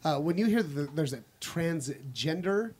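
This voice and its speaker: A man's voice: on the high side, animated, measured pace, darkish tone, husky. A man co-hosting a casual group podcast, telling jokes in a playful way. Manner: joking, playful. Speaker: podcast co-host.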